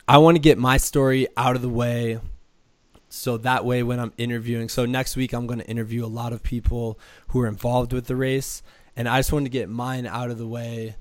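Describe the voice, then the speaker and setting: Hoarse man with a cold, dry sound. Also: mid-range voice, flat delivery, brisk, no room sound. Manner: rambling, filler-heavy, upbeat. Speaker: podcast host. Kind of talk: casual podcast chat.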